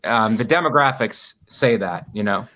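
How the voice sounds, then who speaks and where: Bright-voiced man joking on a podcast. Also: lowish voice, lively intonation, moderate pace. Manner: playful, mock-stern bits, laughs along. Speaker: podcast co-host, comedian. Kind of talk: casual comedy podcast banter.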